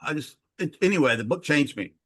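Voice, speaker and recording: A man's voice: on the high side, animated, fairly quick, fairly bright tone. A middle-aged man hosting a podcast interview, sharing personal reflections in an earnest way. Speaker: podcast host. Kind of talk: conversational interview.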